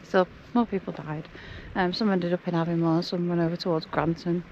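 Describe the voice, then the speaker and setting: A woman's voice: fairly low pitch, fairly even intonation, fairly quick, a little mellow, lo-fi sound, slight background noise. A woman vlogging outdoors on a hillside walk, chatty and out of breath, often laughing. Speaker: travel vlogger. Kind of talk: casual walking vlog narration.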